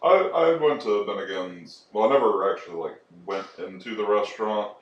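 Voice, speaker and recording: A man from Texas co-hosting a podcast in casual, profane chat, with a dry delivery that breaks into loud laughs. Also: lowish voice, normal speed, distant mic, dull audio. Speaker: podcast co-host. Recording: roomy echo.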